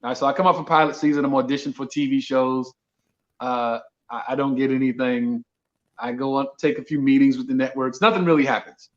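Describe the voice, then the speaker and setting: A man's voice: mid-range voice, a little fast, dull audio. A man from Brooklyn, a comedian telling a story casually and acting out the dialogue. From Brooklyn, New York. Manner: animated storyteller, acts out dialogue. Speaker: comedian guest.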